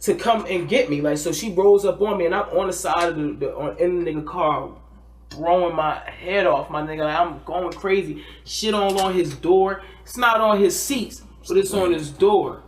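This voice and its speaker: A man from New Jersey with a high voice chats on a podcast, telling a wild story in heavy slang. He throws himself into the quoted voices of the people in it. The sound is roomy, with plenty of echo. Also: moderate pace. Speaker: podcast co-host. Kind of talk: casual storytelling chat.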